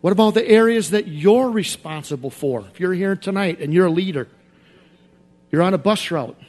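High-voiced man preaching with shouted outbursts. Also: moderate pace. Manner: swings from quiet confession to shouted outbursts; repetitive, emphatic preaching cadence. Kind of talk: sermon.

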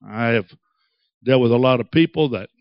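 A man preaching a sermon, dramatic and acting out quoted voices with big swings in pitch. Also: normal speed, dry recording, muffled recording. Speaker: pastor.

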